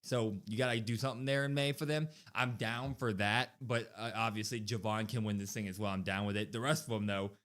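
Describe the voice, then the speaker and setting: A man co-hosting a wrestling podcast, giving opinionated, animated takes in casual chat. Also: lowish voice, a little fast, few pauses. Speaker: podcast co-host.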